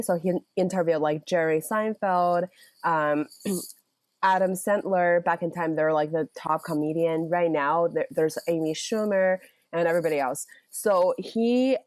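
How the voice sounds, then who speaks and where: A woman from China, answering as a guest author in a casual interview, slightly hoarse from a cold and chatty with many fillers. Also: fairly low pitch, a little mellow, dry recording.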